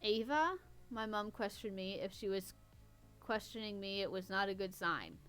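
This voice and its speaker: A woman's voice: mid-range voice, steady tone, moderate pace, a bit bright, smooth, faint music behind. A woman podcast host reading a story aloud in a casual way, stopping to poke fun at the writing. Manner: wry, stops to mock the writing. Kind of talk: casual reading with running commentary.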